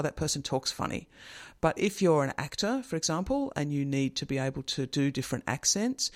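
A man hosting a show, explaining accents and phonemes in a relaxed, conversational way with many fillers. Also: medium pitch. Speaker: host explaining linguistics. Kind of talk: casual educational talk.

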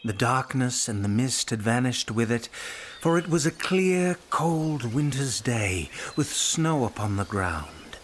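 A man narrating a classic story in a measured, expressive way, sometimes dropping to a whisper. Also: medium pitch, a little hiss or hum. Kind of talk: dramatic audiobook reading. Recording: narration over music.

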